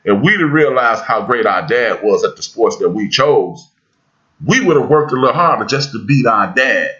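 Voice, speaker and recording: A man hosting a podcast discussion, talking in an emphatic, preacherly way that builds to loud peaks. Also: medium pitch, lively intonation, normal speed, muffled recording. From United States. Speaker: podcast host.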